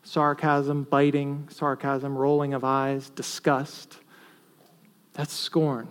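A male pastor preaching a sermon earnestly, with emphatic stresses that drop to quiet asides. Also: mid-range voice, completely flat delivery, slow, smooth.

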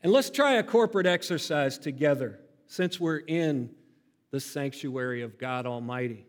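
A man preaching a sermon to his congregation, expressive and building to loud emphatic peaks. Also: on the high side, normal speed. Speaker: pastor. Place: church sanctuary. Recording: reverberant sanctuary hall.

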